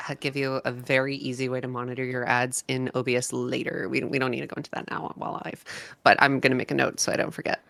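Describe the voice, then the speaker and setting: Woman host on stream, low voice but bright and punchy, chatty and excited. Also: quick pace, creaky, no room sound. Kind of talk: casual chat.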